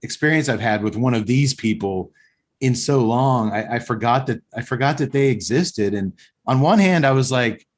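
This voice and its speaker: A man's voice: medium pitch, moderate pace. A man hosting a podcast, casually telling a story and acting out the people in it. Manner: animated, acts out voices. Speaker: podcast host.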